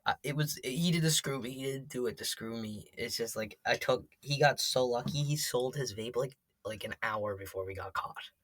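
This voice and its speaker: Teen boy vlogger, rambling and sweary, crisp close sound, no room. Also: medium pitch, moderate pace, fairly bright tone, no echo. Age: teens. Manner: rambling, heavy on fillers and swearing. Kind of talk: casual storytelling.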